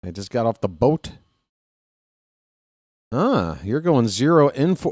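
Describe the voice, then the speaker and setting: Playful trash-talking man, slow and lively. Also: mid-range voice. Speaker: live stream host. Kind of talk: casual live-stream chat.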